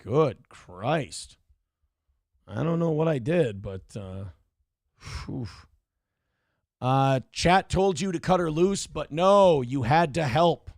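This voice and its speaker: Gravelly, profane male stream host. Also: fairly high pitch, lively intonation, takes it slowly, pauses often, dry recording, clean studio sound. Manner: blunt, profane, reads chat aloud. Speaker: show host. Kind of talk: casual live-stream commentary.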